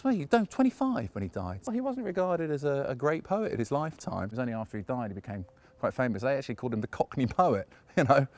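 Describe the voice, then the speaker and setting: A man chatting casually as he leads a walking tour outdoors, full of anecdotes and frequent chuckles. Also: mid-range voice. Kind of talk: casual guided walk narration. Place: outdoors on a park walk.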